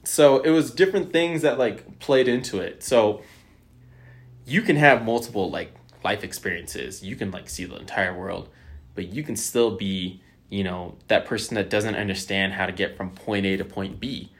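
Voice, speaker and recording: Animated young man telling stories. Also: fairly low pitch, normal speed. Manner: animated storyteller, acts out quoted lines; swears freely, frequent fillers. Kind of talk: casual chat.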